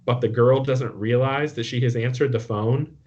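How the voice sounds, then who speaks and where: A man's voice: mid-range voice, fairly even intonation, moderate pace, a little mellow. A man co-hosting a podcast, telling a story in a casual, profane and exasperated way. His voice jumps up when he gets worked up. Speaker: podcast co-host. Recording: muffled lo-fi podcast audio.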